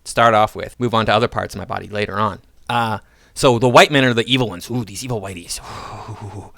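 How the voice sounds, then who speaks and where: A man's voice: fairly low pitch, fast, gravelly, fairly bright tone, dry recording, clean studio sound. A man hosting a commentary channel, reading out an article and mocking it in a sarcastic, ranting way.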